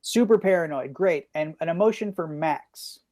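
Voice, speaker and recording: A man hosting a live online improv comedy show, calling on players with quick, upbeat patter over a video call. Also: a little high, a little mellow, no echo, clean studio sound.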